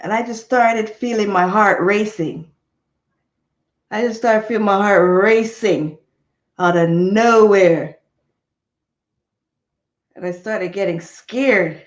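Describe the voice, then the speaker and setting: A woman's voice: mid-range voice, slow, long pauses, dull audio. A woman telling a rambling story to her live chat in a chatty way, laughing easily. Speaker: vlogger.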